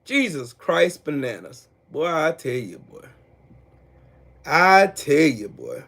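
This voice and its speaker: A man's voice: on the high side, sing-song, takes it slowly, fairly bright tone. A man hosting a livestream and ranting about politics, taunting and trash-talking a viewer and laughing often. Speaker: livestream host. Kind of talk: heated political rant.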